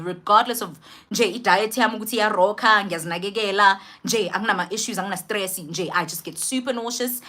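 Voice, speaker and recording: A young woman with a South African accent who tells a personal story in a casual vlog, switching between English and Zulu in an animated, slangy way. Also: medium pitch. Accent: South African, mixing in Zulu. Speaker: vlogger.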